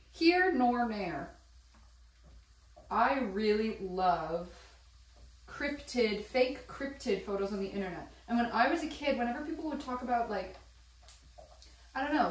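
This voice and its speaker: A woman chatting while she cooks at home, rambling and excitable, swearing casually and laughing as she goes. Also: fairly high pitch. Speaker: vlogger. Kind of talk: casual cooking vlog chat. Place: home kitchen. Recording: echoey room, voice a bit far from mic.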